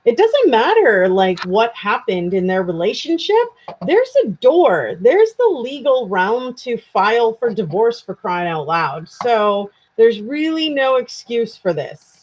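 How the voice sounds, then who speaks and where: Tired Canadian woman hosting a live stream, slow-talking and chatty, on dull lo-fi audio. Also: on the high side, sing-song, a little mellow, husky. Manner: chatty and self-deprecating, answers viewer comments. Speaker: true crime channel host. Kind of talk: casual live-stream chat with viewers.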